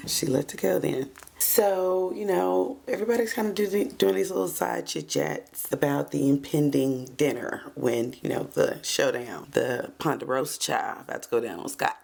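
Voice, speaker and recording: Woman dishing on a reality show recap, low gravelly voice, kinda husky, sassy and chatty. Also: normal speed, a little mellow. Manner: chatty, sassy, says "child" and "moving on" often. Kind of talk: casual recap commentary.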